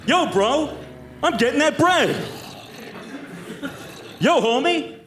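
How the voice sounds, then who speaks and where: Give me a man putting on a loud, swaggering young bro with slang, pitched high, in an echoey room with a loud crowd. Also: animated, slow, a little hiss or hum, heavily acted.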